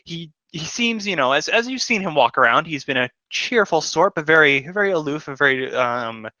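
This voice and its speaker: A man's voice: a little high, animated, normal speed, bright, forceful tone, no room sound, poor audio. Rambling man running a tabletop game. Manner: rambling, filler-heavy narration. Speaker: game master.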